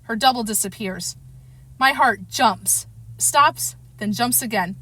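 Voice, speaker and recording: Reading slowly, a woman with a fairly high, slightly breathy voice narrates an audiobook chapter in the first person. She tells the story expressively, occasionally stopping to correct herself.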